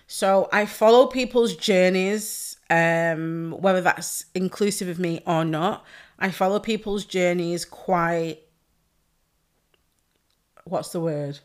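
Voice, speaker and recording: A woman's voice: on the low side, a bit bright. A woman, a pole dance instructor, talking on a podcast in a heartfelt, effusive way and swearing freely. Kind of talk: casual podcast chat.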